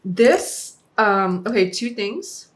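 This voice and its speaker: A woman's voice: mid-range voice, sing-song, takes it slowly. Chatty enthusiastic woman host. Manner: chatty, enthusiastic, laughs often. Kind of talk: casual chat over supper. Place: home kitchen table.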